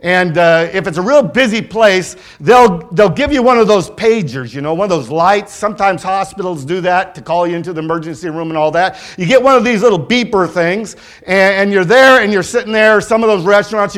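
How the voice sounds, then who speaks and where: High-voiced man preaching emphatically. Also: a bit bright. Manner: emphatic preaching with repetition and slow stressed phrases. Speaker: pastor. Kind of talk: sermon.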